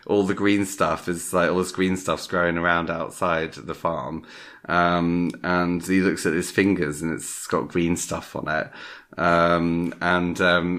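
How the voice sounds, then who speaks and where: A man's voice: low-pitched, a bit bright. A man co-hosting a podcast, recapping a film in a rambling, casual way with many ums and acted-out lines. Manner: rambling, lots of ums, acts out characters' lines. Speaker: podcast co-host.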